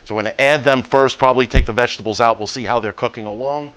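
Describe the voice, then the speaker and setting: A man hosting a home cooking demonstration, talking through each step in a relaxed, jokey way with the odd pun. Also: mid-range voice, fast talker. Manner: relaxed, jokey, cracks puns. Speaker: cooking show host.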